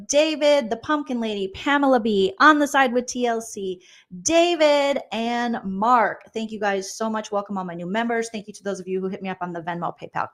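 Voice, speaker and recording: A woman's voice: fairly high pitch, a bit bright. A woman comedian hosting a casual live stream, chatty and exclamatory as she reads viewer comments aloud. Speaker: pop culture comedian host.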